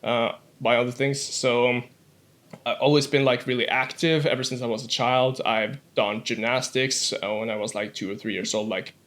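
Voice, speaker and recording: A young man in his twenties from Norway with a Norwegian accent, guest on a casual podcast, saying "like" a lot and often clearing his throat. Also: medium pitch, steady tone, normal speed, fairly bright tone. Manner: says "like" often.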